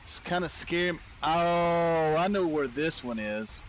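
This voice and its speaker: A man's voice: fairly high pitch, lively intonation, slow pace, a little hiss or hum. A man giving casual let's-play commentary, chatting to his viewers and easily startled into yelps and laughs. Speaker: gameplay commentator.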